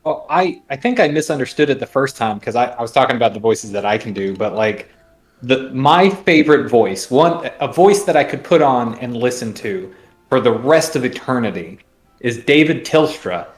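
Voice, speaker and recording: A man chatting casually with a quick, joking delivery. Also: medium pitch, expressive. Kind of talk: casual chat. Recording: echoey room with faint music.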